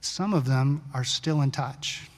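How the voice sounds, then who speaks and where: A male pastor preaching a sermon in a conversational storytelling way, sometimes brisk, sometimes slow and hushed. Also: medium pitch. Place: church sanctuary. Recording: long church-hall reverb.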